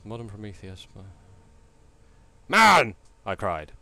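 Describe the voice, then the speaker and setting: A man's voice: fairly low pitch, big pitch swings, measured pace, long pauses. A man giving jumpy, cursing commentary on a horror game, yelping at scares. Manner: jumpy, swears and yelps at scares. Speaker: let's play gamer.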